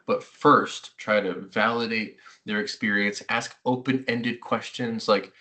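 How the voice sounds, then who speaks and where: A man's voice: fairly low pitch, a little slow, hardly any pauses. A middle-aged man, a therapist, giving a conversational webinar talk to parents and acting out quoted remarks. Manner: conversational, animated, acts out quotes. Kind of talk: webinar presentation.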